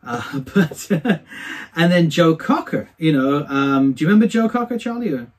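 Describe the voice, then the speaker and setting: A man, a singer, being interviewed and telling anecdotes from his career in a chatty, animated way. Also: on the high side, normal speed. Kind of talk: casual storytelling.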